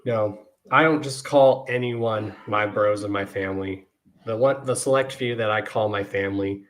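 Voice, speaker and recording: A man's voice: on the low side, fairly bright tone. A man hosting his podcast, speaking earnestly and emotionally to his listeners, often repeating "y'all". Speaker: podcast host. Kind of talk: heartfelt podcast monologue.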